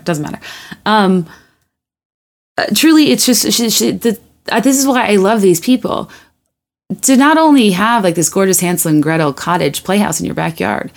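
A woman's voice: medium pitch, a little mellow. Rambling, chatty woman podcast host. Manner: rambling, chatty, self-deprecating with frequent laughs; restarts often and stacks quick asides. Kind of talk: casual monologue.

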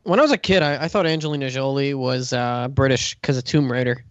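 A man's voice: medium pitch, brisk, dry recording, highs cut off. A man co-hosting a podcast in casual chat, joking and sarcastic. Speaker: podcast co-host.

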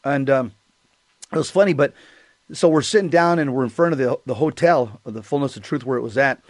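A man in casual chat who clears his throat often and fills pauses while recounting an encounter. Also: medium pitch, no room sound. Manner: conversational, frequent throat clearing and fillers. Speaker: co-host.

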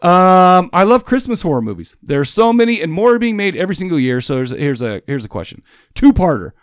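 A man's voice: high-pitched, sing-song, a little fast, no room sound, clean studio sound. A man hosting a podcast in a casual chat, enthusiastic and rambling. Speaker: podcast host.

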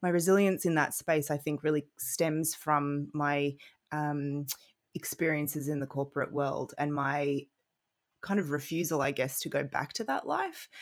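Low-voiced Australian woman guest. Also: measured pace. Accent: Australian with a French Canadian tinge. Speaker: guest, counselor and movement coach. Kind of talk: conversational interview.

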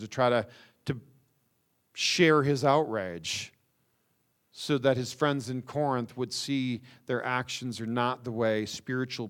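A man preaching a sermon, stressing words with slow emphasis and rhetorical questions. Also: medium pitch. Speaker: pastor.

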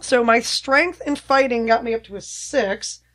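A playful woman at a tabletop game, enthusiastic and often laughing. Her voice sits a little high. She talks through her rolls with relish. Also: a little slow, fairly bright tone. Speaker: player. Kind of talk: tabletop role-play chat.

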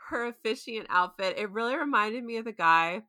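A woman with a bright, forward voice chatting as a co-host. She giggles and exclaims a lot. The sound is dry and up close. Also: on the high side, expressive, a little fast, dry recording. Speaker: podcast co-host. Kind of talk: casual chat.

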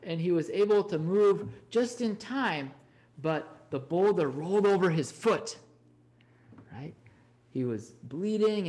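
A man giving an animated storytelling Dharma talk, often checking in with "right?". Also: sits high. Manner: animated, frequent "right?" tag questions. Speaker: Dharma teacher.

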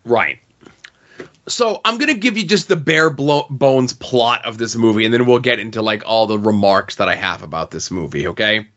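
A man's voice: on the low side, moderate pace, fairly bright tone, lo-fi sound. Sarcastic rambling man reviewing a movie. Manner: sarcastic, rambling, fillers like "okay?". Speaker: podcast host. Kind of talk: casual movie review chat.

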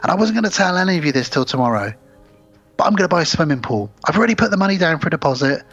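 A man putting on an eager, optimistic father who rushes out his big family announcement, pitched a little higher than his normal talk. The sound is slightly dull, with faint music underneath. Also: sing-song, a bit bright, breathy edge, exaggerated voice. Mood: excited. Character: optimistic middle-aged American family dad.

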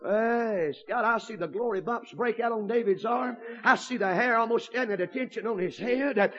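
A man preaching a fiery storytelling sermon, bursting into shouts and exclamations. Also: sits high, normal speed, hardly any pauses, slightly rough, highs cut off.

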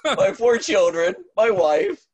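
A middle-aged man, a pastor, telling a story in conversation, animated, with many restarts and fillers. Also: high voice, a little slow, husky, dry recording.

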